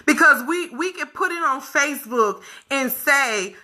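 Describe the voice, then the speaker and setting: Woman vlogger, high and piercingly bright, emphatic, repeats herself, addresses viewers directly. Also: lively intonation, unhurried, few pauses. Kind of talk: candid talk to viewers.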